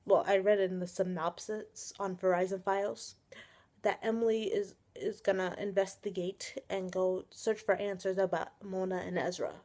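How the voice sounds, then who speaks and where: A young woman vlogger reviewing a TV episode rants on a casual vlog, angry and exasperated, sighing often and swearing. Her medium-pitched voice is a little mellow, with a flat delivery at a moderate pace. She's recorded on a webcam or built-in camera mic.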